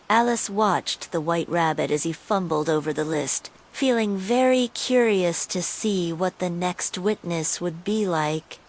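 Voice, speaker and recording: Woman narrator for bedtime story, very slow, calm, lowish voice. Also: poor audio.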